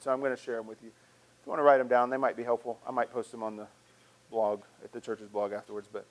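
A man's voice: medium pitch, rough recording. A male pastor preaching a sermon in an earnest, conversational way, often restarting his phrases.

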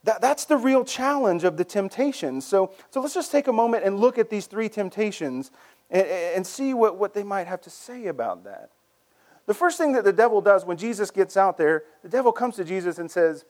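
Male pastor, sermon, conversational, animated, slightly high voice, restarts phrases. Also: normal speed. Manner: conversational, animated, repeats words when starting phrases.

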